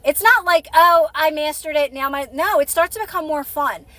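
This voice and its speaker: A woman's voice: high-pitched, normal speed, bright, forceful tone, no echo. A woman hosting a live stream, chatting casually and encouragingly with her viewers, rambling and restarting her sentences.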